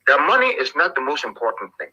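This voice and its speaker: An older man with a Liberian accent, telling animated, jokey stories as an interview guest, with plenty of fillers. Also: mid-range voice, fast talker, slightly rough, muffled recording. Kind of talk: storytelling interview.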